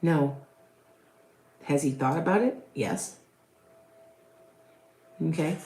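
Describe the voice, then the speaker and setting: A woman's voice: fairly low pitch, moderate pace. Chatty middle-aged woman in echoey room. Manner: rambling, chatty, many fillers and restarts. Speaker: tarot reader and psychic medium. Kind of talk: live tarot reading with viewer questions.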